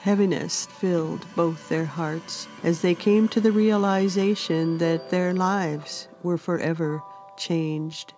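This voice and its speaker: Woman author reading her fantasy book aloud, lowish voice, real slow and gentle. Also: fairly even intonation, faint music behind. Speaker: author and narrator. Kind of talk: storybook narration.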